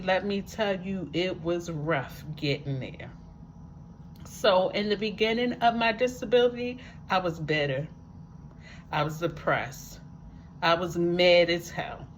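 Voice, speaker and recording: Speaking in a lowish voice, this woman shares her life with a disability as a vlogger and wheelchair user. Her talk to camera is a personal testimonial, delivered with emphasis, repeated words for effect, and folksy asides, over a slight hiss or hum.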